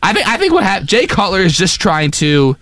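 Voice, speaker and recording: A young man co-hosting a casual sports talk show, excitable and self-deprecating, often restarting his sentences. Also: sits high, brisk, no echo. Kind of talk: casual sports radio chat.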